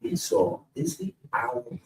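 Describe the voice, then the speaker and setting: A man's voice: normal speed, a little mellow, a little hiss or hum, rough recording. A man from the audience asking hesitant questions.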